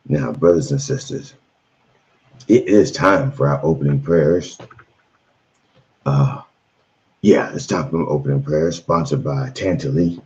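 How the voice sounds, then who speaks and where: Very deep-voiced bawdy comedy preacher man. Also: unhurried, long pauses, darkish tone. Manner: bawdy preacher patter, rambling asides. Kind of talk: irreverent live-stream comedy sermon. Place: on the road, in a room away from home. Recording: dull lo-fi stream audio.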